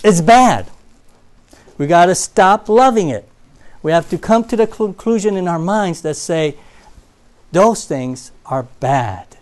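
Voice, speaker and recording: A man preaching a sermon in a church, telling stories and swinging from loud emphasis to quiet asides. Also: high-pitched, lively intonation, a little slow.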